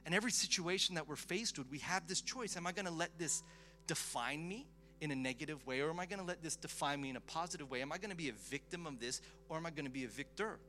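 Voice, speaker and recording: A man preaching a storytelling sermon to a live congregation, animated and excitable, with chatty asides. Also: a little high, fast talker. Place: live event before a congregation.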